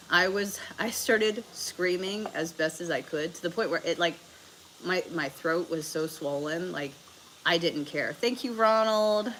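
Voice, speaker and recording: A woman's voice: on the low side, fairly bright tone, a little hiss or hum, low-quality recording. A sick woman from the American South, a livestream host telling a story casually, with plenty of fillers and swearing. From Southern United States. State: sick with a bug.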